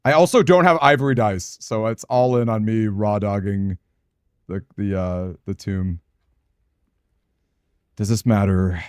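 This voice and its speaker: Thinking out loud while playing a video game, this streamer sounds anxious, muttering as he works out his next moves for let's play commentary. He has a lowish, clear, resonant voice, talks a little slowly, and pauses often. The sound is clean studio audio with no echo.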